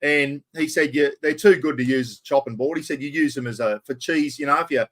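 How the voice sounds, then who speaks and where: A man's voice: mid-range voice, fast talker, fairly bright tone. A middle-aged Australian man hosting a casual camping live stream, chatting in a blokey way, reading out viewer comments and swearing freely.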